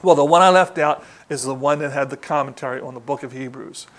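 A man preaching a sermon in a chatty, conversational way, often asking the congregation questions. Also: fast. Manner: conversational, asks the congregation questions, lively rises in pitch.

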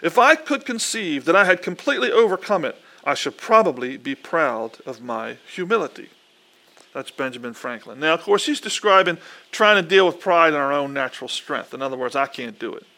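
A man preaching with an earnest, animated delivery who acts out the quoted lines. His voice is bright and fairly high for a man. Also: fairly quick. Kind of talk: sermon.

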